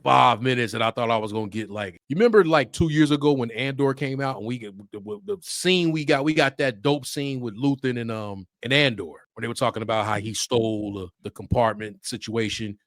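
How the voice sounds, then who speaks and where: A man co-hosting a casual chat, eager and quick to chime in. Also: medium pitch, dry recording, studio quality. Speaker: podcast co-host.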